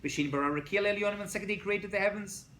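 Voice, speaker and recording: Man, rabbi lecturing a class, bright tense voice, animated, faint room hum. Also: high voice, rapid-fire. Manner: animated, asks students questions, frequent "right?".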